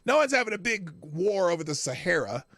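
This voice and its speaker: Brief: male commentary host, sarcastic and rambling, very lively intonation, dry close sound. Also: sits high, fairly quick, no echo. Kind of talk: live news commentary.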